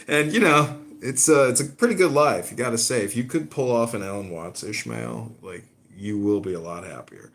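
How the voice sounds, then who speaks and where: A man's voice: mid-range voice, lively intonation, moderate pace, creaky, few pauses, a bit bright. A man hosting a podcast in a casual, meandering monologue, cursing freely and leaning on fillers like "you know" and "like". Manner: profane, meandering storytelling with frequent fillers. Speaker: podcast host.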